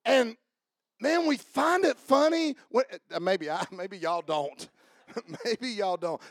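Preacher, male, high voice, dry close sound, shouts at the peaks, folksy storytelling. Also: animated, normal speed, no echo. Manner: shouting, building to fervent climaxes; storytelling, humorous asides. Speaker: pastor. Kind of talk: sermon.

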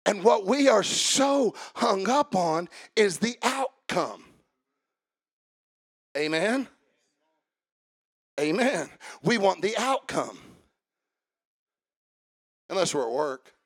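A male preacher delivering a sermon in a church, swinging from quiet talk to shouted, sing-song preaching. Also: high voice, sing-song, slow, long pauses, breathy edge. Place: church sanctuary.

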